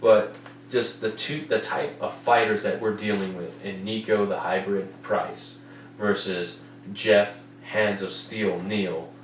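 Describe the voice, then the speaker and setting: Profane, excitable man recapping fights. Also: fairly low pitch, takes it slowly. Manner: profane, excitable, keeps asking "you know what I mean". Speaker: podcast host. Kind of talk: casual MMA fight recap. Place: home room with air conditioner. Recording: roomy, distant mic, faint noise.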